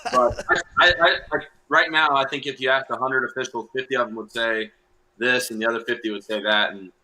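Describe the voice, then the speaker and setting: A young adult man, a football coach, explaining plays in a relaxed podcast chat with many fillers. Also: mid-range voice, brisk, a little hiss or hum, low-quality recording. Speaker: high school football coach. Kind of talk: casual podcast interview.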